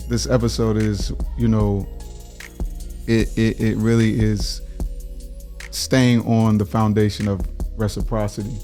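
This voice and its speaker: A man's voice: lowish voice, measured pace, pauses often, soft background music. A man hosting a casual panel chat, telling stories and acting out the voices he quotes. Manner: animated storyteller, acts out quoted voices. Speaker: podcast host.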